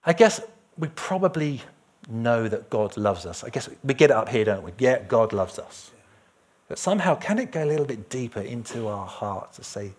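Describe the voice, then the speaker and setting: A man preaching a lively, jokey sermon and sometimes singing a line. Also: on the low side, breathy edge. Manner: lively, jokey, breaks into song.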